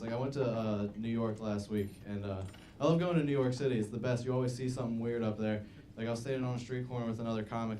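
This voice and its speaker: A man in his twenties does a stand-up set at a comedy club, rambling in a laid-back way full of "uh" and "like". The live club recording picks up audience laughter and slight background noise around his mid-range, darkish voice.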